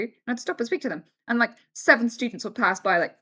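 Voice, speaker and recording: A woman's voice: fairly high pitch, fast, few pauses, breathy edge. A woman live streamer in casual chat, answering viewer questions candidly and acting out other people's voices as she tells stories. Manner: animated storyteller who acts out other voices; candid, swears freely.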